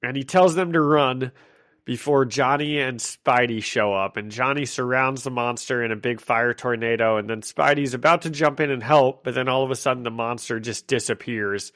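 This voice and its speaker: A man's voice: mid-range voice, moderate pace, a bit bright. A man co-hosting a podcast, chatting casually as he recaps a comic, laughing often and restarting his sentences. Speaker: podcast co-host.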